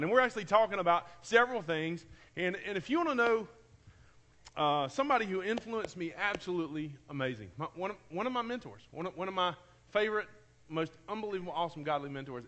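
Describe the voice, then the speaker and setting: A man's voice: high-pitched, expressive, fairly quick, bright, forceful tone. A man, a pastor preaching a sermon in an enthusiastic, emotional way, often repeating his phrases. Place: church sanctuary.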